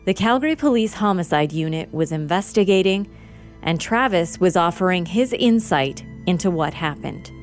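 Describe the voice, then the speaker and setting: A woman host giving scripted true-crime narration in a measured, sober way. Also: lowish voice, animated, faint music behind.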